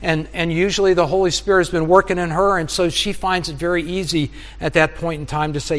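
A man's voice: on the high side, steady tone, fairly quick, few pauses, big-room sound. A middle-aged male preacher giving an earnest sermon, often acting out his own prayers and conversations with God. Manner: earnest, acts out dialogues with God.

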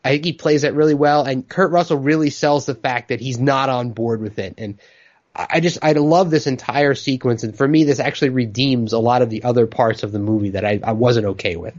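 A man's voice: medium pitch, fairly quick, highs cut off. A man co-hosting a podcast, talking casually and enthusiastically about a movie. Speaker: podcast co-host. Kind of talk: casual film discussion.

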